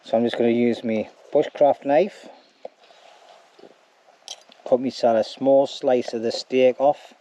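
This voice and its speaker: A man's voice: mid-range voice, fairly even intonation, slow, pauses often, warm tone. A man talking casually to camera at an outdoor camp, rambling and ending lines with "like", with a snotty nose. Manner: chatty, rambling, says "like" at ends. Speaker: bushcraft vlogger.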